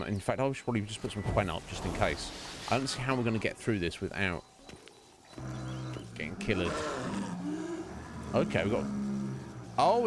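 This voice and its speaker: A man streaming a game, chatting casually in a rambling, halting way and often laughing. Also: fairly low pitch, very noisy.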